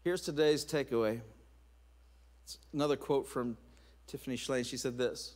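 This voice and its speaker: A middle-aged man preaching a sermon, telling stories in an animated way, with laughs and restarts. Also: medium pitch, moderate pace, long pauses. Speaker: pastor.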